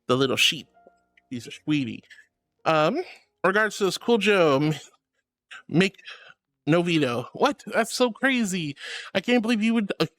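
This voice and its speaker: Playful streamer woman with a lively voice. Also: fairly low pitch. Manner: playful, teasing, calls viewers darling and honey. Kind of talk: live-stream chat reading.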